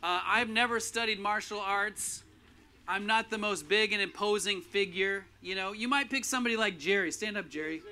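Guy preaching a casual sermon, high pitched, sharp bright voice, lots of um and you know. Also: normal speed, slight background noise. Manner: casual, conversational preaching with many fillers. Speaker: pastor.

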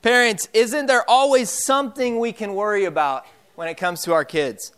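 A young man preaching with a high, smooth voice. He talks casually, full of fillers and restarts, like a pastor telling stories. The voice stays clear throughout. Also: normal speed, a bit bright. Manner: casual storytelling with frequent fillers. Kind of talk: sermon.

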